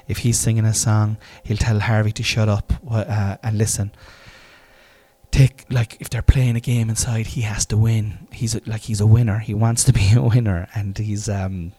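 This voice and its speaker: An Irish man in his forties tells family stories in a casual monologue, swearing and laughing at his own expense. His voice is fairly low, mellow and slightly rough, with flat intonation and a normal pace.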